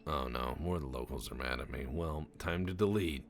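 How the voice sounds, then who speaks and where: A man's voice: very deep voice, fairly quick, slight background noise. A young adult man giving casual, profane, joking commentary over a game he is playing, rambling into stories. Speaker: gameplay commentator. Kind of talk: casual let's-play commentary.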